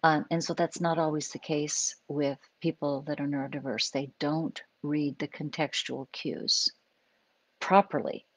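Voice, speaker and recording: A woman's voice: low-pitched, steady tone, unhurried, no echo, poor audio. A woman psychologist hosting a live stream, giving an unscripted, conversational talk and acting out little examples as she explains.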